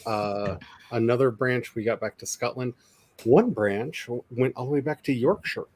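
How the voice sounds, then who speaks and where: An author and channel host from the Ozarks in the USA chats casually, drifting into long digressions full of wry asides. His voice is medium in pitch, darkish, and moderately paced.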